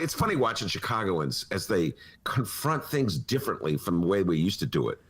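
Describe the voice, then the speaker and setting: A man's voice: sits low, very animated, brisk, a bit bright, husky. A man hosting a political talk podcast in a studio, talking in a sarcastic, mocking way and putting on voices. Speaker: podcast host. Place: radio studio.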